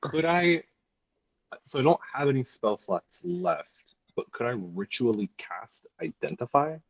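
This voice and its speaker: A man playing a tabletop game who talks in halting bursts with many restarts. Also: mid-range voice, sing-song, husky, no echo, highs cut off. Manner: halting, upbeat, full of restarts. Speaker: player.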